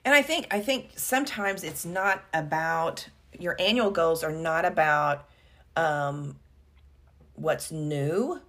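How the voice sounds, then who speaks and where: A woman's voice: low voice, slow pace, fairly bright tone. A woman co-hosting a casual business podcast, talking conversationally with fillers and self-corrections. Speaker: podcast co-host.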